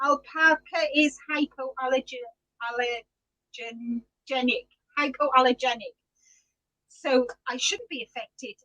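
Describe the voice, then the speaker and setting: A woman's voice: high-pitched, slow, pushed and bright, rough recording. A middle-aged woman hosting a live knitting podcast, chatty and giggly, greeting viewers by name. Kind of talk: casual live-stream chat.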